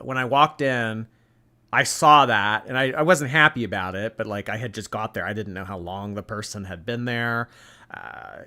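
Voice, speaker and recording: Sarcastic man with a bright, lively voice. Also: mid-range voice. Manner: sarcastic, blunt and profane. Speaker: streamer commentary host. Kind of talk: live-stream commentary.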